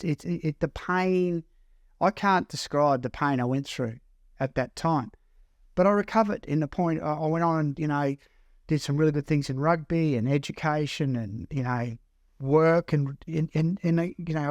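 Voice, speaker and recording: An Australian man working as a counsellor, telling a personal story in an earnest, halting way that repeats words as he goes. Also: a little high, dry recording, clean studio sound. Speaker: counsellor and mentor. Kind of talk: personal story told to camera.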